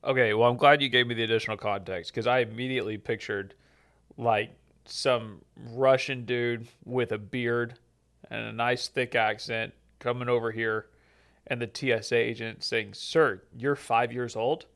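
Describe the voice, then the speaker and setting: A man's voice: medium pitch, steady tone, moderate pace, fairly bright tone. Joking man hosting a podcast. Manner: joking, sarcastic. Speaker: podcast host and immigration lawyer. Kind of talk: casual podcast chat.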